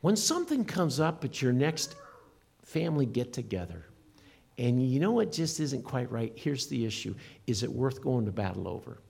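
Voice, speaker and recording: A middle-aged pastor preaching with earnest emphasis. His voice is gravelly and a little husky, with a lively rise and fall. The tone stays warm and encouraging, like a sermon addressed to a congregation. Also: fairly high pitch. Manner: earnest, emphatic preaching with rising and falling delivery.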